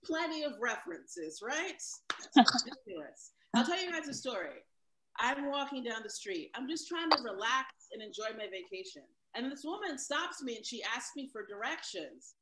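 A woman's voice: a little high, very animated, normal speed, low-quality recording. A woman doing a stand-up set, with a wry, punchy delivery and asides to the audience. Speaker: stand-up comic. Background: crowd laughing.

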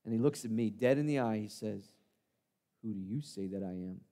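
A man's voice: mid-range voice, a little fast, warm tone, lightly acted. A man playing an earnest, impulsive fisherman-disciple. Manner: earnest, conversational, self-deprecating storytelling. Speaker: church monologue performer. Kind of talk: dramatic first-person monologue. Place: church sanctuary. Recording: long reverb of a church hall.

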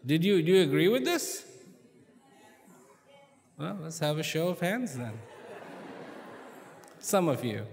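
A man telling a story to a live audience in a large hall and questioning them directly, in a slow, deliberate manner. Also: a little high, sing-song, creaky, darkish tone, slight background noise. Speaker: speaker addressing an audience. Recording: long hall reverb.

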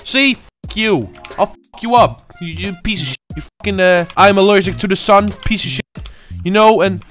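A young man, a gaming channel host, commenting on his own gameplay, frustrated and swearing, swinging from low muttering to sudden shouts. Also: moderate pace, soft background music.

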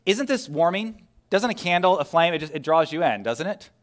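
A male pastor with a somewhat high voice preaches a sermon in a church. He talks in a conversational way, firing rhetorical questions at the congregation and dropping from loud emphasis to a hushed near-whisper. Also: big pitch swings, moderate pace. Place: church sanctuary.

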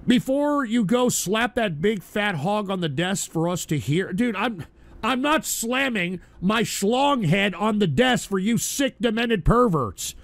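A man hosts a live stream show in a high, gravelly voice that swings widely in pitch. He rants and swears in exasperation at his chat, flustered as he loses his place. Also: lively intonation, a little slow, no room sound. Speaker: livestream radio show host. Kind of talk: profane live stream rant.

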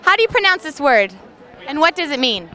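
A woman's voice: sits high, very animated, fairly quick, sharp tone, some chatter behind. A woman hosting a playful street interview, teasing passers-by with a word quiz. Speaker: host. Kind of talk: street vox-pop interviewing.

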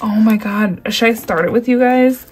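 A woman's voice: fairly high pitch, moderate pace, a little mellow, slight background noise. A woman vlogging a craft unboxing at a table indoors, gushing and exclaiming as she talks straight to her viewers. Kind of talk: excited unboxing chat. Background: crinkling packaging.

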